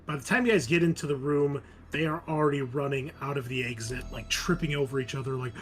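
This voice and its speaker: A man running a tabletop game as game master, narrating the scene in a relaxed, chatty way. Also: mid-range voice, fast.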